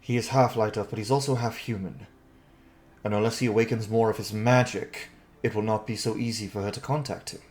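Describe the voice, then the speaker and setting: A man voicing a grave, protective elf father who speaks slowly and quietly. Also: on the low side, fairly even intonation, lightly acted. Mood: solemn. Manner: slow, solemn and hushed.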